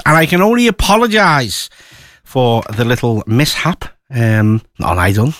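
A man presenting on radio in a casual, rambling way, full of fillers and friendly asides. His pitch swings up and down a lot as he talks. The sound is close and dry, straight into a studio microphone. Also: big pitch swings, moderate pace, a bit bright, dry recording.

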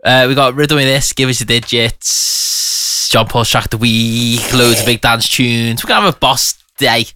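A man's voice: medium pitch, steady tone, moderate pace, sharp tone. A young man co-hosting a radio show, needling his partner playfully in casual banter. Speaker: radio co-host.

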